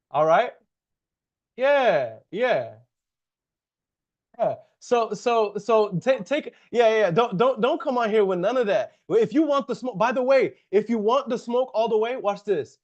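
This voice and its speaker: On his livestream, a man who invests in and coaches on real estate responds head-on to chat comments in a casual way, frequently repeating and restarting. The high voice comes through with lo-fi sound.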